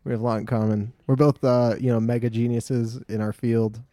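A man's voice: medium pitch, flat delivery, fairly quick, dark tone, no echo, studio quality. A man from Los Angeles co-hosting a podcast, chatting casually and enthusiastically about music, swearing freely and restarting his sentences. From Los Angeles, USA. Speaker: podcast co-host.

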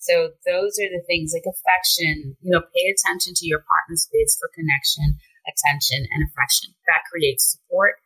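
A woman with a lowish, husky voice talks as a guest therapist on a podcast. She speaks with a forceful edge, calm and measured, setting out practical tips in order. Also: rough recording. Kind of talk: advice-giving interview talk.

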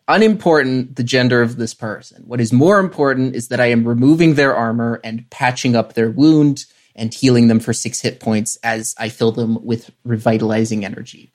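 A player talking casually about their moves in a tabletop game, wry and chatty with lots of filler words. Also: medium pitch.

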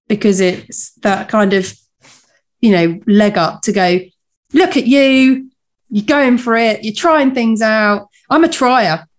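A woman co-hosting a coaching podcast in casual chat. She sounds earnest and encouraging and often repeats a phrase to drive it home. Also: mid-range voice. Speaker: podcast co-host.

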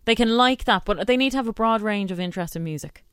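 A woman's voice: mid-range voice, fast talker, a bit bright, smooth, no room sound, studio quality. A young woman co-hosting a radio show, telling stories in an earnest, chatty way. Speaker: radio co-host. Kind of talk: casual radio banter.

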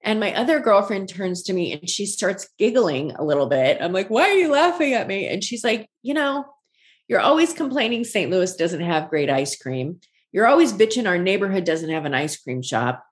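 Forties woman guest, lowish voice, animated storyteller who acts out quotes. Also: moderate pace. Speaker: guest, ice cream shop founder. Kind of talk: conversational storytelling.

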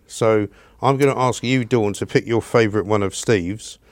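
A man's voice: fairly low pitch, no room sound. A man from London hosting a radio podcast, blunt and opinionated in casual chat. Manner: blunt, opinionated, fast-talking. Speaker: radio host.

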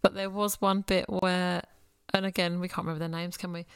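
A woman's voice: on the low side, flat delivery, brisk, clear, resonant tone, dry recording. A woman co-hosting a casual film review chat, chatty and giggly, with dry asides. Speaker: podcast co-host.

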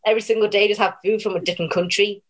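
A woman's voice: medium pitch, fairly even intonation, rapid-fire. A woman co-hosting a casual podcast chat, joking and giggling. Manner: playful, giggly, jokey interviewer voice. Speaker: podcast co-host.

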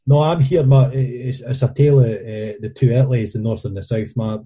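Scottish man, casual chat guest, rambling and sweary, very dark tone, husky. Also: mid-range voice, fairly even intonation, fairly quick. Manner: rambling, sweary, repeats words while searching for phrases. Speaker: guest, documentary maker.

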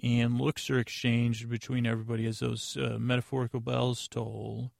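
A man hosting a podcast, giving a rambling, deadpan comedic recap of an episode with lots of fillers and restarts. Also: medium pitch, moderate pace, creaky, dry recording, clean studio sound. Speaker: podcast host.

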